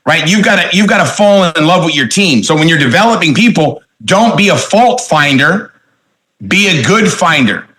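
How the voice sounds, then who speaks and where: A middle-aged man revs up a seminar room, hammering his points home with repeated phrases and quick questions to the crowd. His voice is bright and forceful, pitched a little high for a man, and he pushes each line with real conviction. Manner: energetic, emphatic, repeats phrases and asks the audience questions. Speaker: motivational sales trainer. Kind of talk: motivational seminar talk.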